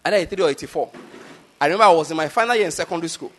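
A man with a Nigerian accent preaching in an emphatic, repetitive way. His voice sits high for a man. He keeps checking that his listeners follow him. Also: rapid-fire, a bit bright. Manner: emphatic, repeats points, asks the audience if they follow. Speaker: pastor. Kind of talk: sermon.

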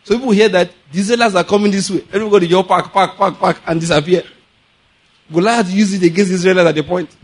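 A man with a Nigerian accent preaching a sermon, telling animated stories, laughing often and acting out the people he quotes. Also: high voice, fast, slightly rough. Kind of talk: sermon with storytelling.

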